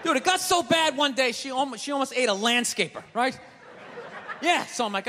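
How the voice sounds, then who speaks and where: A man doing a stand-up comedy routine on a theater stage, ranting and swearing, swinging from mutters to shouts. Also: extremely high pitch, animated, brisk, a little hiss or hum. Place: large theater stage with live audience. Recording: live hall with audience.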